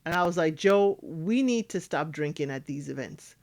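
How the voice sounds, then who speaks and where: A woman's voice: low voice, expressive, moderate pace, a little mellow. A woman giving casual recap commentary on a reality dating show, acting out cast members' lines as she talks.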